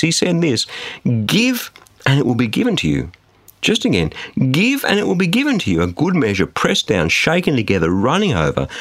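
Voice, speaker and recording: A man's voice: mid-range voice, no room sound. A man preaching a studio sermon, emphatic and full of rhetorical questions.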